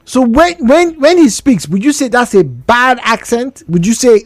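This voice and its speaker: A Nigerian man hosts a call-in radio talk show, his voice rising and falling in a lively, expressive way. He chats with the audience and keeps asking rhetorical questions. The studio microphone gives a dry, close sound. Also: very high voice, normal speed, no echo, soft background music. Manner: chatty, rhetorical questions, laughs between points. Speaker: radio host.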